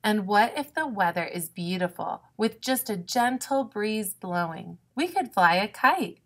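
A woman voicing a cheerful, excitable young duck in a picture-book reading, high and eager. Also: a little slow. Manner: bright, eager, exclaiming.

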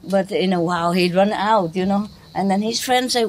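A woman's voice: medium pitch, a little fast, few pauses. A woman with a Vietnamese accent giving a spiritual teaching talk to an audience, playful, laughing often and quizzing her listeners.

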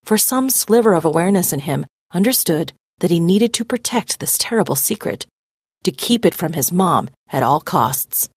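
Breathy, animated woman reading a story. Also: on the low side, moderate pace, dry recording, studio quality. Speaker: reader. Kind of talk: expressive story read-aloud with vocabulary definitions.

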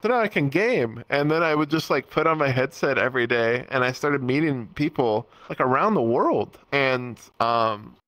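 A young-adult guest chats casually on a podcast with a middle-pitched voice. The talk rambles, full of fillers and bursts of laughter. The sound is close and dry, with no room around it. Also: normal speed, hardly any pauses, fairly bright tone, dry recording. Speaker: guest, VTuber and VR world creator.

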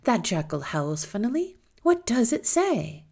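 A woman voicing a cunning young village girl in a high, hushed, breathy voice. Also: very animated, unhurried, full character voice. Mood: puzzled.

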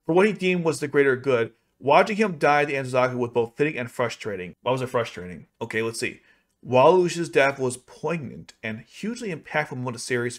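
A young man commenting on an article for his video channel, ranting in an exasperated, sarcastic way with sudden jumps in pitch. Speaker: YouTube anime commentator. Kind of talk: reacting to and rebutting an article.

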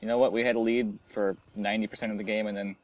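A young man giving live commentary over his own online shooter match, swinging between quiet muttering and frustrated yelling. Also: on the low side, flat delivery, racing. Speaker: gameplay commentator.

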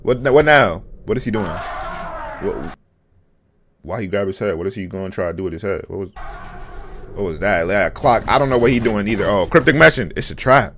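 A young man hosting a casual reaction video, full of slang and bursting into shouts and laughs at what he watches. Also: lowish voice, normal speed, long pauses, a little hiss or hum. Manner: excitable, shouts and laughs at the screen, heavy slang. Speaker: reaction channel host.

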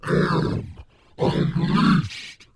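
A man voicing a menacing male space monster, his voice pitched down and run through a phaser effect. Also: very slow, over loud music. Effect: deep pitch-shift with phaser.

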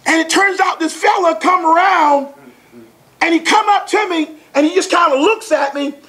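In an animated motivational talk, a man in his forties tells his audience a family story, folksy and exclamatory, chuckling as he goes. He speaks at normal speed in an extremely high voice that sounds pushed and bright.

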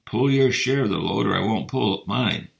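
A man's voice: on the low side, moderate pace, creaky, pitched above the performer's own voice. A man voicing a quarrelsome, bickering sled dog. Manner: bickering and sharp. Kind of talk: storybook reading.

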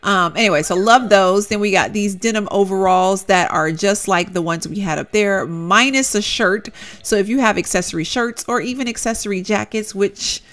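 A woman's voice: mid-range voice, normal speed, fairly bright tone. A young woman chatting casually as she shows off game clothing, gushing and talkative, calling her viewers "y'all". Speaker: Sims content creator showcasing custom content. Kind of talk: casual gameplay commentary.

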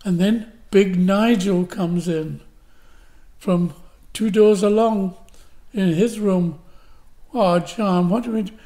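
Older Glaswegian actor, mellow voice, theatrical anecdotes, interview guest. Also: male voice, high-pitched. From Scotland. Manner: theatrical, vivid, acts out his own cries and quotes; fillers and restarts, rhetorical questions.

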